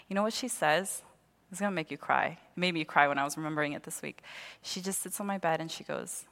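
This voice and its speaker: A young woman preaches and tells a personal story with lively energy, slipping into the voices of the people in it. Her voice sits at a middle pitch for a woman, and the sound rings with the long reverb of a large hall. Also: brisk. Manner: animated storytelling, acts out voices.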